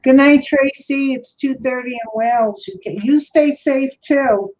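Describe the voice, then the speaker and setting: A woman's voice: high voice, unhurried, a little mellow, slight background noise. A woman with a New York accent, chatting casually with friends during a livestream. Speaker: livestream co-host. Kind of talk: casual chat. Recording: lo-fi livestream audio.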